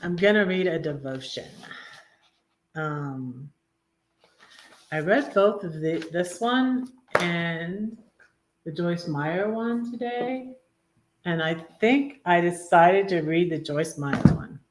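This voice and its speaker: A woman hosting a casual live stream, chatting with many ums and restarts and reading her own poems in a soft, tender way. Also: on the low side, lively intonation, slow, background noise. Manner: rambling, lots of ums and restarts. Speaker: livestream host reading poetry and devotions.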